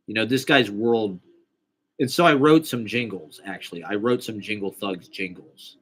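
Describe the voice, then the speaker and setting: A young man with a slightly low voice, talking casually in a rambling monologue. He swears freely and pokes fun at himself. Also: expressive, moderate pace, long pauses, husky. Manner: rambling, profane, self-deprecating.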